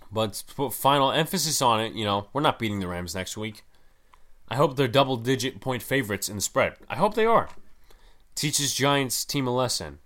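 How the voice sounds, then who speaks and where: Young male podcast host, solo sports commentary, emphatic and rambling, lively pitch. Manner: animated, emphatic, rambling with many fillers.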